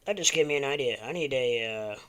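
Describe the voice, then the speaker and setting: A man's voice: mid-range voice, expressive, quick pace, a bit bright, smooth. A man hosting a casual live stream, rambling and muttering to himself between remarks to his viewers. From American Midwest.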